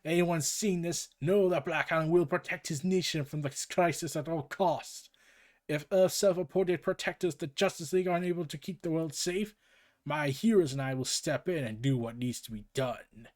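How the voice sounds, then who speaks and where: A man voicing a stern, commanding male warrior-ruler with slow booming proclamations. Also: lightly acted. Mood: menacing.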